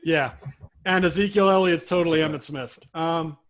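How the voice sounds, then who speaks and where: High-voiced young man leading casual sports chat. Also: normal speed, fairly bright tone. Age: young adult. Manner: laughs often, runs the picks. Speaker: co-host.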